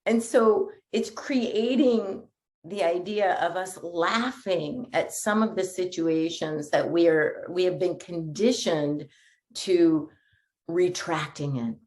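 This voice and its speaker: A middle-aged woman preaching a sermon, her voice sitting a little low. She talks in a chatty, animated way and keeps laughing as she goes. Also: slow. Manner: lively, conversational, laughs often. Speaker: minister.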